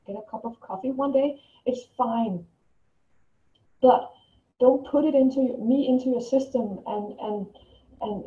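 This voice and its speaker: Speaking from a distance in an echoey room, this woman vlogger tells a personal story casually to camera in a voice on the high side. Her delivery wanders, full of restarts and repeated words. The sound is dull, roomy and lo-fi.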